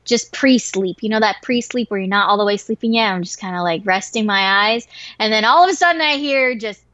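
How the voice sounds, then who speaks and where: A woman telling a wild story in casual chat, swearing freely and getting animated and excitable. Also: mid-range voice, brisk, no room sound. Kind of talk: casual story told to a listener. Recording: dry, slightly dull lo-fi recording.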